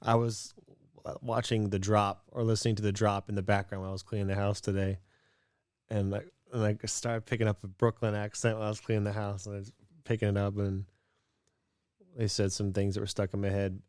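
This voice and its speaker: Guy cohosting a podcast, low voice, just musing and rambling casually. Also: flat delivery, brisk, a little mellow, smooth, no room sound, clean studio sound. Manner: musing, self-deprecating, trails off and restarts. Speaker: podcast co-host. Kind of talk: casual chat.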